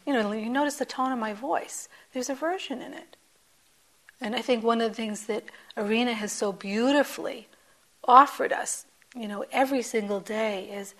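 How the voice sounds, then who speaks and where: A woman meditation teacher speaks to a group gathered in a meditation hall. Her voice sits a little high, and her delivery is gentle and conversational, with many soft asides. At times she drops into a near whisper. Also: moderate pace. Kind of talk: dharma talk.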